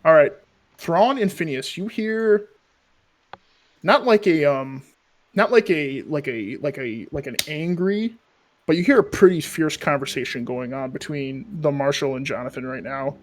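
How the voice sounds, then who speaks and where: A man's voice: a little high, expressive, unhurried, slight background noise. Casual male game master narrating. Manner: casual, rambling, many fillers.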